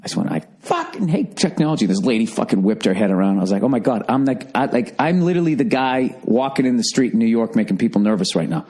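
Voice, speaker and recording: A man's voice: on the low side, expressive, fast, hardly any pauses, warm tone, breathy edge. A middle-aged man telling a story in a casual podcast monologue, profane and exasperated, ranting as he goes. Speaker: podcast host.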